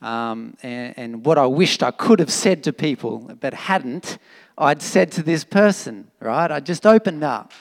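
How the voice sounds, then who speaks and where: A man preaching a sermon in an animated, emphatic, conversational way, with fillers and restarts. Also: a little high, unhurried. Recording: long reverb of a hall.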